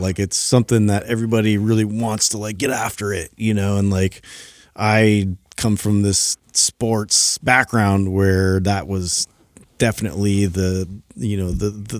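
A man's voice: on the low side, no echo, clean studio sound. A middle-aged man, a former personal trainer, casually telling a rambling, self-deprecating story full of fillers on a podcast.

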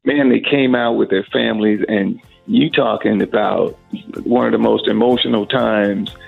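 A man's voice: fairly low pitch, fairly even intonation, normal speed, creaky, husky. A man in an interview, telling a story animatedly and acting out the quoted dialogue. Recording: phone-like narrow band with faint music.

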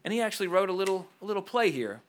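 A man hosting a casual podcast chat, joking and animated. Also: high-pitched. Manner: animated, joking, talks quickly. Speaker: podcast host.

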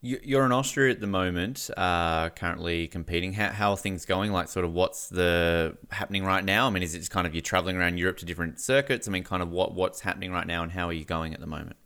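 A man's voice: deep voice, fairly even intonation, quick pace, few pauses, a bit bright, smooth. A male host runs a casual interview in a joking, loose way. He trips over his own sentences and laughs easily along with his guest. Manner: jokey, stumbling restarts, laughs often.

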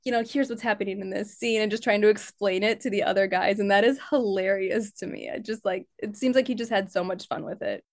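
A woman's voice: medium pitch, brisk, hardly any pauses, no echo. A woman co-hosting a fan podcast in upbeat, chatty conversation, laughing often. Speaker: podcast co-host. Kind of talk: casual chat.

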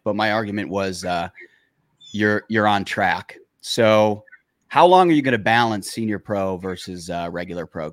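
A male podcast host speaking haltingly with many fillers in casual chat. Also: low-pitched, no room sound, studio quality.

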